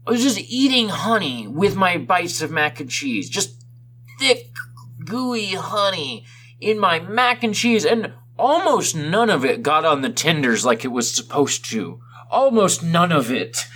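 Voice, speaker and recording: A man's voice: a little high, big pitch swings, unhurried, pushed and bright, breathy edge. A man co-hosting a casual podcast, ranting with exaggerated complaints. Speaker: podcast co-host.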